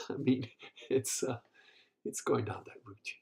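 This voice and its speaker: A man's voice: medium pitch, fairly even intonation, unhurried, creaky, pauses often, a little mellow. A man hosting a casual livestream, rambling and swearing, tired from a long day on his feet. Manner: rambling, swears, laughs often. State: tired, leg cramps. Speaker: podcast host.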